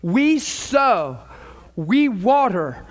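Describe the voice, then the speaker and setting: A man giving an informal sermon, telling stories with repeated words and rising to excited peaks. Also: extremely high pitch, extremely slow. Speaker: preacher.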